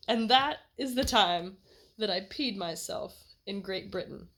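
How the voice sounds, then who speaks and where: A young American woman telling a personal story in a chatty, animated way, laughing as she goes. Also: medium pitch, normal speed. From United States. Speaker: vlogger. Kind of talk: casual storytelling.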